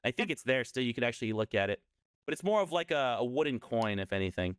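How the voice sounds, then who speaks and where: A man's voice: mid-range voice, big pitch swings, quick pace, fairly bright tone, clean tone, no echo, clean studio sound. Rambling man telling a scary story. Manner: rambling, self-correcting storyteller. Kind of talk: casual storytelling on a podcast.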